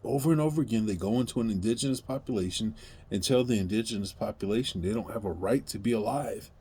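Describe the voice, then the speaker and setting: A husky, fairly low-voiced man delivering an impassioned monologue to the camera. He talks emphatically, swinging between pleading and loud outbursts. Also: fast. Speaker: video commentator.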